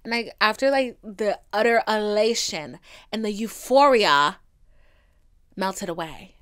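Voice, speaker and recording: On her comedic solo podcast, a young woman tells stories with sass, profanity, and drama, jumping between loud exclamations and hushed whispers. Her medium-pitched voice is clean and a little slow.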